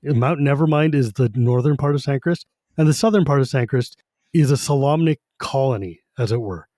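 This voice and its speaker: A man's voice: medium pitch, fairly quick, mellow, no room sound, studio quality. A man co-hosting a podcast in casual fan discussion, enthusiastic and rambling, swearing now and then. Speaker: podcast co-host.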